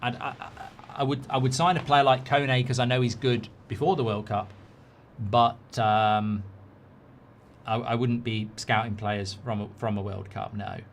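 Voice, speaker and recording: A man's voice: medium pitch, level tone, unhurried, slight background noise. A man hosting a live football watchalong, chatting casually and reading out viewer comments.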